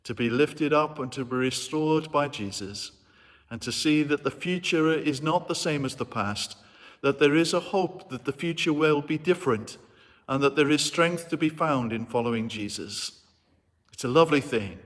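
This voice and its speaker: A man's voice: fairly high pitch, moderate pace, fairly bright tone. A man preaching a sermon as a vicar, retelling a story in an earnest, reflective way. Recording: long hall reverb.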